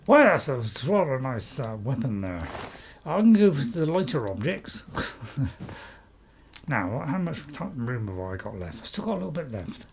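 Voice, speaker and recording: A man's voice: mid-range voice, sing-song, normal speed, a little hiss or hum. A man hosting a casual let's-play, rambling and chatting to his viewers as he plays. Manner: rambling, self-admitted waffler; chatty, talks to viewers in chat. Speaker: gaming channel host.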